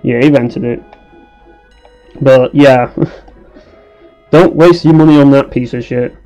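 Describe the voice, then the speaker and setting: A man's voice: medium pitch, steady tone, slow, dark tone, dull audio, soft background music. A young man giving sarcastic, sweary commentary while playing a game. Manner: ranting, swears a lot, sarcastic. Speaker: let's play commentator. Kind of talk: casual gameplay commentary.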